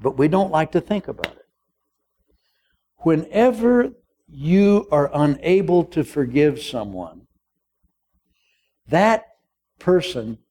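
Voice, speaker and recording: A man's voice: high voice, darkish tone. An older male pastor preaching a sermon, acting out the dialogue of a parable with humor.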